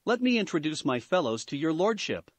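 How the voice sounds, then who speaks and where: A polished, old-fashioned ape warrior with ceremonious manners, read by a man. The delivery is fairly high and animated, and the recording is dry. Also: a little fast, no room sound. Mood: formal. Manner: polished, archaic formality. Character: cultured male giant ape, archaic formal.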